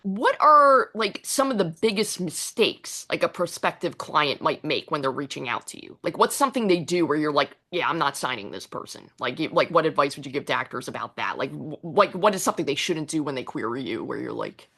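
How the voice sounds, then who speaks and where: Female host: friendly, self-deprecating, lots of "like", animated pitch swings. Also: brisk, vocal fry, hardly any pauses, husky. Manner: friendly and self-deprecating, laughs often, says "like" a lot. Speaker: interviewer and actor. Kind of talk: casual interview chat.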